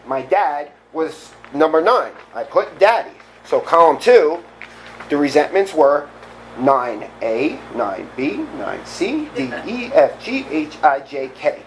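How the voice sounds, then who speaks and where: A middle-aged man giving a candid, animated personal recovery talk, often laughing at himself. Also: fairly high pitch, unhurried, a little hiss or hum, rough recording. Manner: candid, animated storytelling with self-deprecating laughs. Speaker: recovery meeting speaker.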